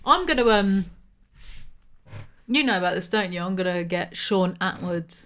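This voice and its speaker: A woman's voice: lowish voice, lively intonation, moderate pace, a bit bright. A young English woman with a London accent, co-hosting a casual podcast, blunt, sweary and teasing, laughing often. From England. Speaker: podcast co-host.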